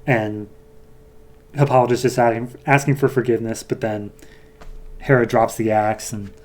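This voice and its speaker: A podcast host recapping a comic book issue in a loose, chatty way, hedging with fillers as he goes. His voice sits in a medium pitch. The delivery is casual and conversational. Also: fairly even intonation, moderate pace, darkish tone.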